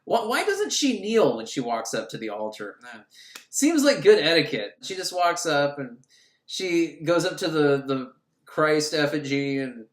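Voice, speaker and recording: A man's voice: a little high, unhurried. Guy doing a snarky movie recap, voice jumps all over, echoey room. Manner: sarcastic, rambling, animated. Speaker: host recapping a film. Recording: roomy echo.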